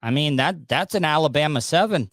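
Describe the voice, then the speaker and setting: A man's voice: fairly high pitch, expressive, a little fast, a bit bright, no room sound. Male podcast host, wisecracking and mocking, dry room. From Southern US. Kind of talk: casual commentary on news clips.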